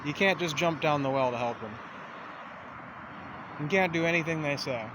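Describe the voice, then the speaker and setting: A man rambles outdoors in a casual monologue, cursing freely and circling back on himself with self-aware asides. His voice sits a little high for a man, and faint traffic hums behind him. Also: moderate pace. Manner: profane, meandering, self-aware.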